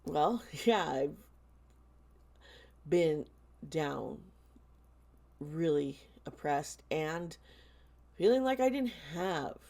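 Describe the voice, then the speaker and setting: A woman hosting a tarot channel, speaking in a casual vlog style, earnest and halting, with many pauses and restarts. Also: low-pitched, gravelly, darkish tone.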